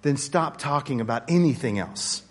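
A man with a medium-pitched, animated voice leads a casual Bible study group at normal speed, with a big-room sound. He talks earnestly and conversationally, often restarting sentences as his intensity rises.

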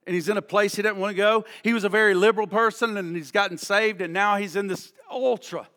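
A man preaching a sermon, telling a story that builds from quiet, low-voiced passages to impassioned, near-shouted ones. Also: long reverb tail. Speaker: pastor.

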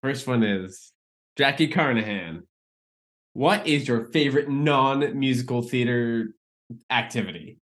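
A woman's voice: very deep voice, measured pace. A woman hosting an interview who asks questions and responds with encouragement. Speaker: interview host. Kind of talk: casual interview chat.

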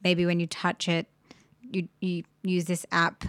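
A woman's voice: fairly low pitch, completely flat delivery, measured pace, a bit bright, dry recording. A woman chatting casually on a podcast in a playful way. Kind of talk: casual chat.

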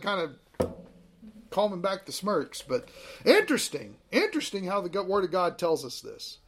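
A man with a fairly high voice teaching a Bible class. He talks in a conversational, animated way, mixing scripture reading with everyday stories.

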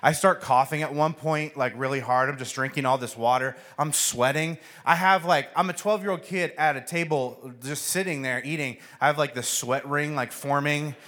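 A pastor preaches a sermon at a moderate pace with hardly any pauses, telling a funny story. He acts out voices in storytelling fashion, his pitch jumping animatedly.

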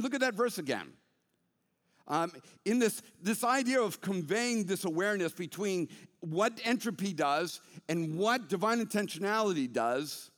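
Man preaching, lively and fairly high voice, emphatic swings from bursts to quiet asides, long hall reverb. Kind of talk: sermon.

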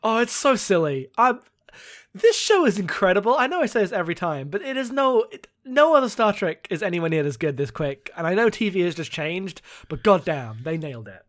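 A man's voice: high voice, big pitch swings, fairly quick, fairly bright tone. A man in casual chat about a TV episode, loose and profane, laughing often. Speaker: podcast co-host.

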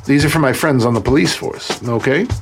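A man's voice: mid-range voice, brisk, over music, voice pushed up, lightly acted. A man voicing a guarded male garage boss who answers cagily.

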